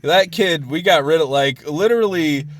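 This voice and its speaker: A man hosting a casual podcast chat, excitable, laughing often and breaking off mid-sentence to start over. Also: fairly high pitch, normal speed, crowd noise. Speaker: podcast host.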